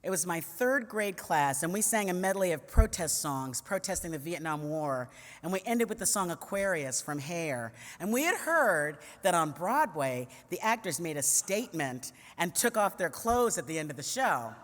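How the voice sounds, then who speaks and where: A woman from New York City, in her fifties, tells a witty personal story to a conference hall audience, chatting casually and slipping in playful asides; she is a commentator and conference speaker. Her somewhat low voice has big pitch swings and a moderate pace, with the long reverb of a large hall.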